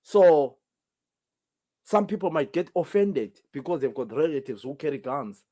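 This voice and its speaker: Hosting a call-in program on his own, this Zimbabwean man, whose native language is Ndebele, sounds a little high, animated and warm, never hurrying. He makes his points emphatically, leans on rhetorical questions and repeats himself.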